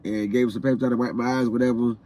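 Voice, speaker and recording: A man's voice: medium pitch, fairly even intonation, rapid-fire, mellow. Grieving man retelling a hard day. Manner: repetitive, heartfelt retelling with phrases said again and again; emotional, grieving. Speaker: vlogger. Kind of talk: personal storytelling vlog.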